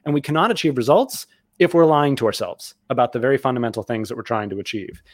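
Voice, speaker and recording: A man's voice: mid-range voice, fast talker, dry recording, studio quality. A man who is the author being interviewed, making emphatic points and repeating key lines for stress. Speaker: author and guest. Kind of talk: casual interview chat.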